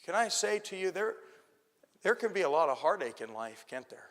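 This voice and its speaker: A male pastor preaching a sermon, telling stories and swinging from hushed asides to shouted points. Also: sits high, very animated, moderate pace. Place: church sanctuary. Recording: long church hall reverb.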